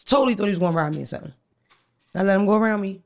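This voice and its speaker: Gravelly-voiced woman chatting. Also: medium pitch, very fast. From Philadelphia. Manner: animated, profane, storytelling with put-on voices. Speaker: podcast co-host. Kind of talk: casual chat.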